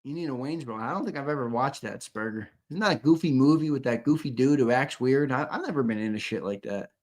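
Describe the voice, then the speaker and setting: A young man talks fast with lively intonation in a mid-range, darkish voice. He's co-hosting a live fan show, loosely chatting with viewers as he reads their comments, swearing and repeating himself.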